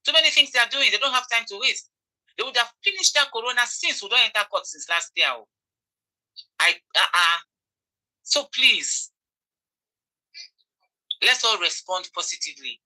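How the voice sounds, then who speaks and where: A woman with a Nigerian accent delivers impassioned commentary, driving each point home by repeating it. Her voice is strikingly bright and sharp. She pleads with her listeners and stays insistent throughout. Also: medium pitch, low-quality recording. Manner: emphatic, repeats phrases. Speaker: online commentator.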